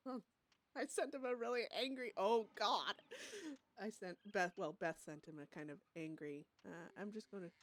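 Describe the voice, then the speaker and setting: Excitable woman streamer. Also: medium pitch, moderate pace. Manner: excitable and emotional, laughing and gasping often; chatty, with frequent restarts and swearing. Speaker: streamer and roleplayer. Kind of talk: casual live-stream commentary.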